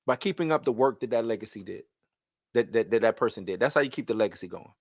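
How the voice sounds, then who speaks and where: A man hosting a live stream, ranting in loose, slangy casual talk that repeats itself and swings between loud and soft. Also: mid-range voice, animated, fast talker, no room sound, clean studio sound.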